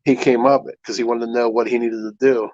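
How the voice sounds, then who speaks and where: A man's voice: medium pitch, little pitch movement, fairly quick, a little mellow, no echo, muffled recording. A man hosting a live stream, chatting casually and telling long stories full of "I'm like" asides. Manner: rambling storyteller, fillers like "I'm like". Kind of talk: casual chat.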